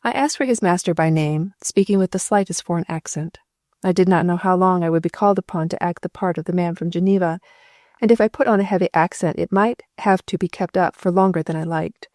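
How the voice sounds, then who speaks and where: A woman narrating a first-person novel as an audiobook, in a steady, measured read on a close microphone. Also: fairly low pitch, dry recording.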